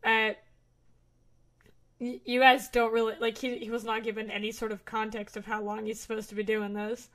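A young woman narrates a tabletop game as its game master, her voice sitting a little high. She talks in halting bursts, full of fillers and restarts. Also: little pitch movement, a bit bright. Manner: hesitant, lots of fillers and restarts.

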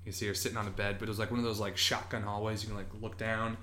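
A man's voice: fairly low pitch, flat delivery, rapid-fire, bright, forceful tone. Man telling rambling road-trip stories. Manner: rambling anecdotes, acts out quoted voices. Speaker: podcast co-host. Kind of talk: casual storytelling chat.

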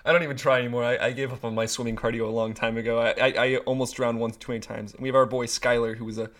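Quick-talking young male co-host, joking, mid-pitched. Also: level tone, a bit bright. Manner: joking banter, quick quips. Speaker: podcast co-host. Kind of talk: casual chat.

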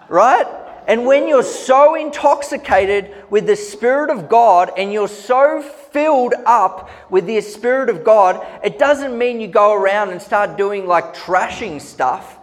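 A man's voice: high voice, lively intonation, takes it slowly. A man preaching a sermon, telling stories earnestly with humorous asides. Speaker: pastor. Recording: long hall reverb.

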